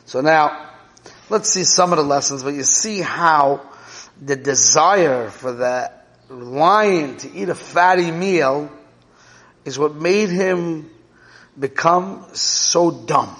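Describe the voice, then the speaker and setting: This is a slow, somewhat high and slightly bright male voice explaining a parable during a Torah class. He checks in with the listeners by asking "right?" and "okay?", and the sound echoes as in a reverberant hall.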